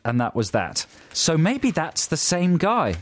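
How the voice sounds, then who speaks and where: A man's voice: fairly high pitch, wildly swooping pitch, a little slow. A man co-hosting a casual chat show, reading listener emails with giggly, playful banter. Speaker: podcast co-host.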